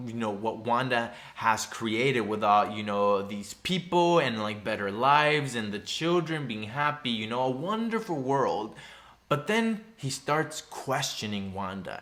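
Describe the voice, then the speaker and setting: Bright-voiced chatty male vlogger. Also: medium pitch. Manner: chatty, lots of "you know" fillers; acts out character lines in animated voices. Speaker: TV recap vlogger. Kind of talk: casual episode recap.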